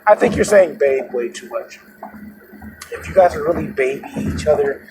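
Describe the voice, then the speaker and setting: A man who drives for rideshare and hosts the show, telling a story casually in an animated, repetitive way while laughing at it. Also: on the high side, normal speed. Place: inside a moving vehicle. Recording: noisy moving car.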